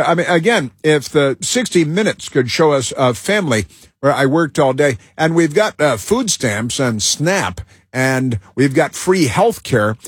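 A man's voice: on the high side, husky, no echo, studio quality. A man hosting a talk show, delivering a rambling monologue full of fillers, restarts and repeated words. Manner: halting, with many fillers and restarts.

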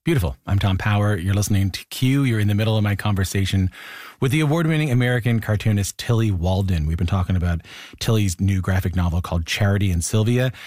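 A man's voice: on the low side, fast, darkish tone, clean studio sound. A man hosting a radio interview, asking probing questions and echoing his guest's words back. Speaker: radio host.

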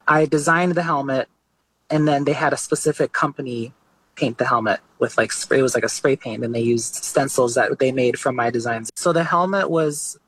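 A man, an artist being interviewed, talking in a relaxed, chatty way with many fillers. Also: mid-range voice, breathy edge, no room sound, low-quality recording. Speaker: artist guest. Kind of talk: casual interview talk.

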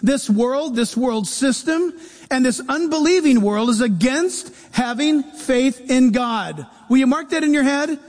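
A man preaching a sermon as pastor, animated, with humorous asides. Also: extremely high pitch. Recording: long hall reverb.

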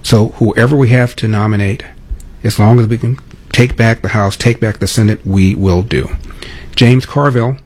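A man's voice: fairly low pitch, fairly even intonation, moderate pace, husky. A man hosting political talk radio, introducing numbered clips with a sarcastic edge. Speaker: radio talk show host.

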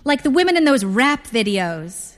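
A woman's voice: high-pitched, sing-song, normal speed, voice pushed up. Woman putting on a flirty, theatrical single mother. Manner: theatrical and coquettish. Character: flamboyant flirty middle-aged single mother.

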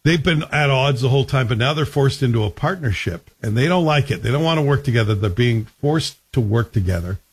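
A man's voice: mid-range voice, animated, brisk, gravelly, few pauses, husky. A man talking casually about a TV series in a chatty, wry way, asking rhetorical questions. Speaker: TV reviewer. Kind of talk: casual spoken TV review.

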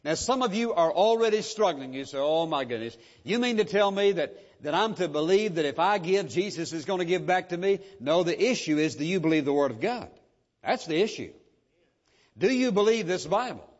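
A man's voice: high-pitched, expressive, brisk. A pastor preaching a sermon, pressing his point with rhetorical questions and repeated words. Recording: dull lo-fi sound in a reverberant hall.

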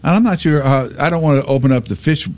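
A man's voice: on the high side, fast talker. A man hosting a radio show, talking through a list of trivia in casual, joking banter. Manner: chatty, jokey, animated delivery.

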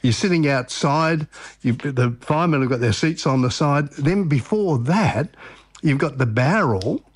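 An Australian man hosting a radio show on location, gushing with excitement and piling up exclamations. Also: on the high side, measured pace, slightly rough, no room sound. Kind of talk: enthusiastic on-location interview.

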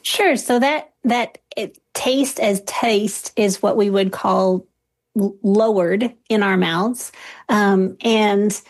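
A woman linguist as a radio interview guest, explaining accents in a measured, academic way with frequent fillers. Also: medium pitch.

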